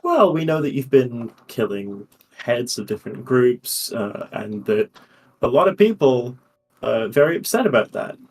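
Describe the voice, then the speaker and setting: Man speaking slowly and hesitantly in character. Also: mid-range voice, sing-song, darkish tone, recorded from a distance. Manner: measured, hesitant. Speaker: player. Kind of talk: in-character tabletop role-play.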